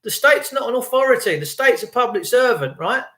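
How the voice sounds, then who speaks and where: A man's voice: very high voice, lively intonation, brisk, pushed and bright, reverberant. A man delivering an indignant, sarcastic ranting monologue. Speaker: vlogger.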